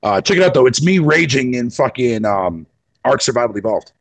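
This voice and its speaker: A man's voice: mid-range voice, very animated, a little fast, dry recording. A man, a guest on an online show, chatting casually, swearing often and laughing as he rambles. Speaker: podcast guest. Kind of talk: casual chat.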